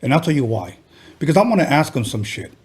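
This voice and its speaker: A man's voice: medium pitch, very animated, quick pace, slightly rough. A man hosting a podcast, talking bluntly and animatedly in casual chat, swearing freely. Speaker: podcast host.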